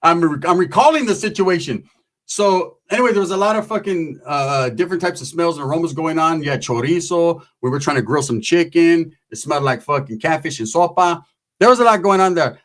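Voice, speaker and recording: Male comic storyteller, profane, rambling, slangy, slightly high voice. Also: expressive, fairly quick, fairly bright tone. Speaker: comedic storyteller. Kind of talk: casual comedic storytelling.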